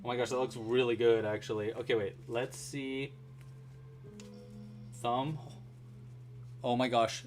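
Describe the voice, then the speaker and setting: A man's voice: medium pitch, little pitch movement, a little slow, pauses often, darkish tone, soft background music. A man hosting a casual crochet livestream tutorial, narrating his own handiwork with chatty, playful asides to viewers. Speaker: crochet instructor.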